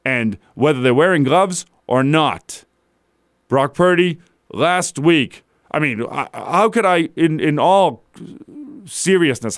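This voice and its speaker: A man hosts a sports talk show, his voice sitting a little high for a man. He rants in disbelief, piling rhetorical question on question. The sound is dry and close, with no room around it. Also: no room sound. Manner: incredulous, builds to exasperated rhetorical questions. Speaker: sports radio host. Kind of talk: animated sports talk rant.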